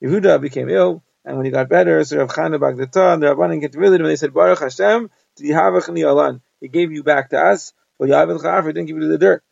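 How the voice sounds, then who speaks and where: A man teaching a Talmud page at a brisk clip, his voice heavily gravelly and pitched a little high. He recites verses in Hebrew and glosses each in English, on a dull, dry, lo-fi recording. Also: a little mellow, no echo. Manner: rattles off Hebrew verses then explains them in English. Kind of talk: fast Talmud page summary lesson.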